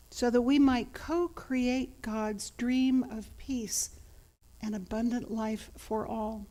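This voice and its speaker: A woman priest preaching a sermon in a measured way, her phrase ends often trailing off into a soft whisper. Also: on the high side.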